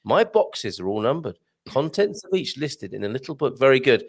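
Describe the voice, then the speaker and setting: A man's voice: medium pitch, sing-song, moderate pace. A man hosting a casual live-stream chat show, joking and reading out viewer comments. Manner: chatty, jokey, reads out viewer comments. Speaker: host.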